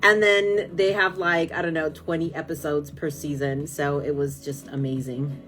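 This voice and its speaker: A woman's voice: sits low, level tone, moderate pace, fairly bright tone, soft background music. A woman from California, chatting casually on a live stream, rambling and gushing with lots of fillers as she answers viewer comments.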